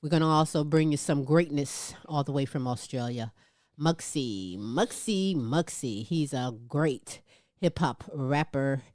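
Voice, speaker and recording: Woman co-host, playful, laughing, drawn-out words, dry close recording. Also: low-pitched, darkish tone, no room sound. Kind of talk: casual show hosting.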